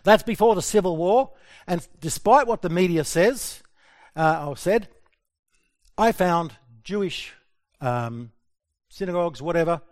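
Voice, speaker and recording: A middle-aged Australian man giving a humorous personal talk to an audience, lively and self-deprecating, often asking the crowd questions. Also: high-pitched, a little slow, pauses often. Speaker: speaker addressing an audience.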